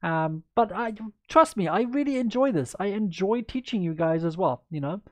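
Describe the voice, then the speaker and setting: A woman's voice: mid-range voice, expressive, normal speed, no echo. Chatty woman coaching chess live. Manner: chatty and upbeat, answers viewers by name. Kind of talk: livestreamed chess lesson, answering chat.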